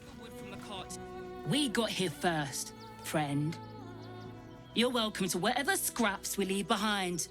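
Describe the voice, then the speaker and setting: A curt, territorial scavenger, voiced by a woman in a video game. She gives clipped, commanding orders. Loud music plays under the game audio. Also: medium pitch, lively intonation, a little slow, pauses often, lightly acted. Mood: defiant. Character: hard, territorial female scavenger.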